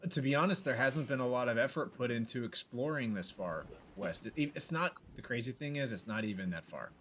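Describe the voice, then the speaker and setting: Casual man game master, middle pitch, slight noise behind. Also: a little fast. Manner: relaxed, with frequent fillers. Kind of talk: narrating a tabletop game.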